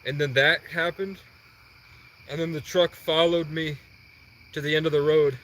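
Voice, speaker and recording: A man's voice: fairly high pitch, slight background noise. A young man on a livestream, telling a long rambling personal story and acting out the dialogue. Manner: animated, quoting others in quick dialogue.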